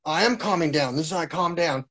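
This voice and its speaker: A man's voice: fairly high pitch, fast talker, a bit bright, poor audio. A man talking on a live stream in an agitated, rambling monologue, swearing heavily. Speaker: livestreamer.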